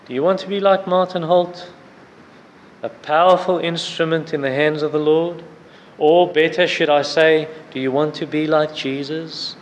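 A man preaching a sermon, earnestly urging prayer and fasting and citing scripture as he goes. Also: fairly high pitch, fairly even intonation. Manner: earnest, repetitive exhortation with scripture references. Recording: echoey hall with faint background noise.

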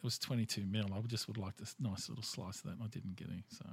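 Chatty Australian man, low voice. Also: steady tone, quick pace, vocal fry, husky. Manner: rambling, storytelling with filler words. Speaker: conversation partner. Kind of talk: casual chat.

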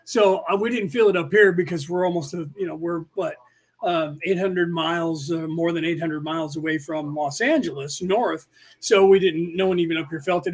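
A man in his forties from California, hosting a podcast in a rambling, casual livestream chat, often restarting and correcting himself mid-sentence. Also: on the high side. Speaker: podcast host.

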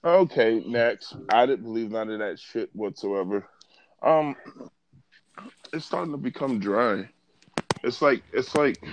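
Man, low voice, heated profane rant, dry close sound. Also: fairly bright tone, dry recording, low-quality recording. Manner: heated, ranting, swears a lot. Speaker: podcast co-host. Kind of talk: casual chat, profane rant.

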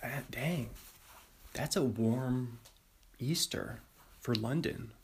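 A man's voice: mid-range voice, extremely slow, a little hiss or hum. A man hosting a solo podcast in a rambling, self-amused way, often laughing at his own jokes. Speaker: podcast host.

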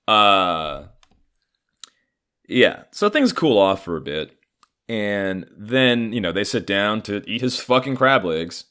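Animated, profane man in his thirties. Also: on the low side. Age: 30s. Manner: profane, animated, frequent fillers. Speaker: storyteller. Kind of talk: casual personal storytelling.

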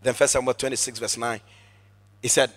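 Emphatic, bright-voiced man preaching. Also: mid-range voice, level tone, fairly quick. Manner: emphatic, swings from hushed asides to shouted exclamations; repeats phrases for emphasis. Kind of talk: sermon.

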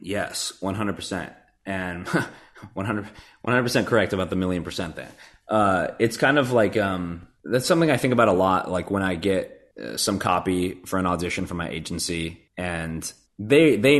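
A man's voice: low-pitched, a bit bright. A male voice actor in a casual interview, talking earnestly and thinking aloud with many restarts. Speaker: voice actor guest.

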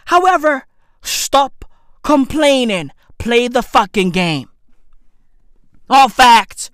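A woman rants in a high, wildly swinging voice, bragging and cursing while she calls her listeners bruv. She talks slowly and deliberately, and the close recording is dry with no room sound. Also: sing-song, no echo. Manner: boastful, slangy, shouty and laughing, calls listeners bruv. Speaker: comedic podcaster. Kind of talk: profane comedic rant monologue. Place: at home, neighbor's dog nearby.

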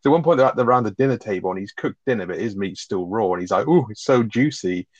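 A man rattles quickly through film scenes in casual podcast chat, swearing freely. His voice sits a little low, and the recording is dull, lo-fi and dry. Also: no room sound. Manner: sweary, animated retelling of scenes. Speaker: podcast co-host reviewing a film.

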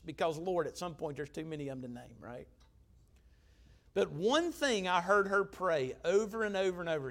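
A man, a pastor preaching a storytelling sermon in an emphatic, conversational way, swinging between loud and quiet. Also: high voice, big pitch swings, normal speed.

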